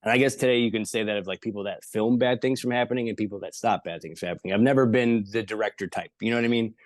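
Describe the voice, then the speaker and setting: A comedian telling animated, jokey stories in an interview, acting out the people he quotes and swearing freely. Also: lowish voice, racing, no room sound. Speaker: comedian guest. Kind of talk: casual storytelling in an interview.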